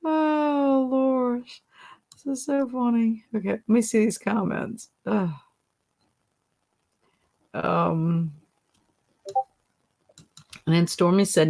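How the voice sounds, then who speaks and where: A woman with a mid-range, darkish voice speaks unhurriedly, leaving long pauses. She's hosting a casual livestream, giggling often, exclaiming, and reading viewer comments from the chat aloud.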